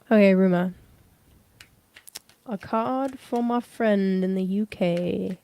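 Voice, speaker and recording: A woman's voice: medium pitch, slow pace, dark tone. A young woman giving a casual livestream tarot reading, rambling with many fillers. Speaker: tarot reader.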